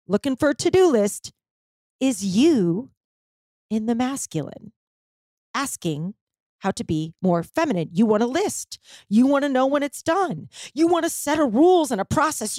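Middle-aged woman sharing a personal story, raw and emotional, cursing a lot, slightly high voice, dry close sound. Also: a little mellow, no room sound. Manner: candid and emotional, frequent swearing. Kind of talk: personal story told to listeners.

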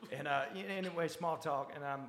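A man's voice: fairly high pitch, moderate pace, reverberant, crowd noise. A musician telling funny stories in a casual chat, laughing as he goes. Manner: laughs through his stories, animated. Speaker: musician guest. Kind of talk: casual storytelling.

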